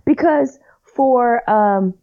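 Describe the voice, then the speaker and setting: A woman guest on a podcast, chatting casually in an animated, emphatic way and repeating her points. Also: a little high, drawn-out words, narrow, tinny audio. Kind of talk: casual chat.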